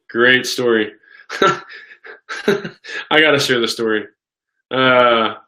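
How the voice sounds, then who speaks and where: A man's voice: medium pitch, bright, forceful tone. A man in his thirties hosting a casual live question-and-answer stream, talking with eager enthusiasm and often repeating and restarting his words.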